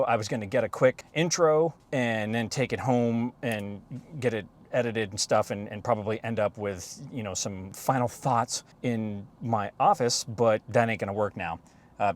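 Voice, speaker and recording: A man chatting casually as a photography vlogger from inside his parked car, recorded by a camera on the dashboard, relaxed and rambling with casual swearing. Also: lowish voice. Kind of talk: casual rambling vlog talk. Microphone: camera mounted on the dashboard.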